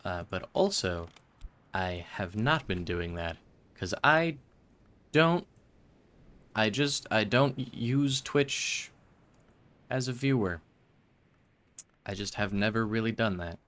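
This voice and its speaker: A man's voice: fairly low pitch, animated, slow pace, long pauses, fairly bright tone. A man streaming a game, chatting to viewers in a rambling, self-mocking way. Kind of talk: casual live-stream chatter.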